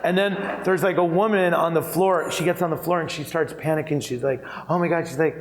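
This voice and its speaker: Chatty, animated man telling stories. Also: a little high, brisk, low-quality recording. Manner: animated, chatty, laughs through anecdotes, many fillers. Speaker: keynote speaker, interior designer. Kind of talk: conversational storytelling on stage.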